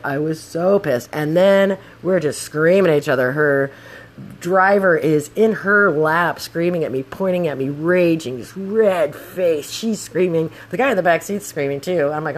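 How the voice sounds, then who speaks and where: A young woman telling a casual story full of swearing, acting out the shouting. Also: low-pitched, normal speed. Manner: profane, animated, acts out the shouting.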